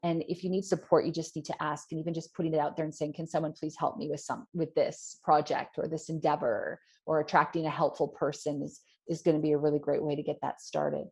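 A woman, co-hosting a spiritual podcast, reflective and gentle, with many "you know" fillers. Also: low voice, little pitch movement, fast talker, few pauses, slightly rough. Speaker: podcast co-host, card reader. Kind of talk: casual spiritual chat.

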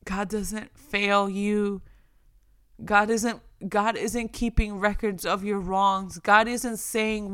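A woman's voice: medium pitch, steady tone, slow pace, pushed and bright, clean tone, no echo, studio quality. A woman giving a conversational devotional talk, earnest and repeating phrases for emphasis. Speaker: devotional speaker.

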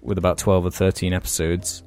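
A man's voice: sits low, level tone, fairly quick, a little mellow, smooth, faint music behind. A man hosting a podcast, reading out viewer questions and musing aloud with tag questions. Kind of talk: casual chat.

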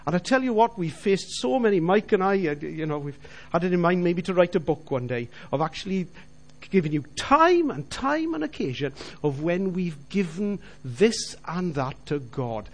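Earnest middle-aged man telling his testimony. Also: sits high. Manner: earnest storytelling, direct appeals to listeners. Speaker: Christian businessman giving testimony. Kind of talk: personal faith testimony.

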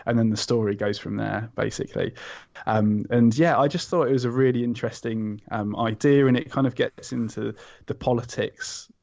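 Gravelly podcast guest, halting delivery full of ums; dull lo-fi recording. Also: male voice, mid-range voice, a little mellow. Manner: hesitant, many ums and restarts. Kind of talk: casual chat recommending a comic. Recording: slightly dull lo-fi sound.

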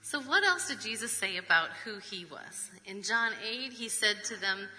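Bright-toned woman preaching in a hall. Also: mid-range voice, animated. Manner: measured, reads scripture with rhetorical asides. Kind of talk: sermon. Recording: long reverb of a large hall.

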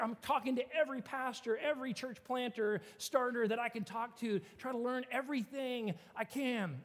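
High-voiced pastor in a reverberant hall. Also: male voice. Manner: animated, conversational, many filler "like"s. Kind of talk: storytelling sermon.

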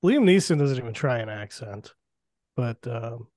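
A man with a mid-range, mellow voice. He cracks wry, deadpan jokes in casual podcast chat. The recording is close and dry. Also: medium pitch, measured pace, no room sound. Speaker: podcast host.

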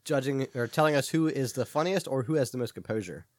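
A man co-hosting a podcast who talks quickly and dryly, hedging and poking fun at himself. His voice sits at an ordinary pitch, recorded close with no room sound. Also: no echo. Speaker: podcast co-host. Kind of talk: casual chat.

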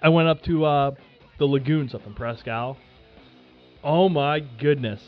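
Animated man telling stories, slightly higher voice. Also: moderate pace, phone-quality sound, soft background music. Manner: animated, swears freely, many fillers. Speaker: podcast host. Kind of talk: casual storytelling chat.

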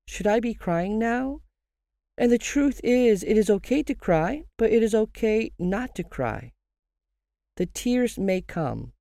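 Calm, measured podcast host with a mellow voice. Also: medium pitch, no room sound, studio quality. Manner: calm, measured, counselling tone with slow emphatic phrases; asks listeners rhetorical questions. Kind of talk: scripted podcast monologue giving grief advice.

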